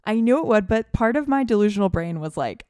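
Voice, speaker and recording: A woman's voice: mid-range voice, animated, fast talker, a little mellow, clean tone, dry recording, studio quality. A woman co-hosting a podcast, chatting casually and enthusiastically about basketball as a fan. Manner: enthusiastic, gushing fan talk. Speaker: podcast co-host. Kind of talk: casual sports chat.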